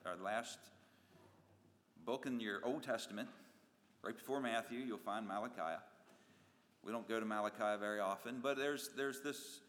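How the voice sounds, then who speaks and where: A man preaching a sermon in a church, animated, acting out voices and swinging his pitch and loudness widely. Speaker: pastor. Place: church sanctuary. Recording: long reverb of a church hall.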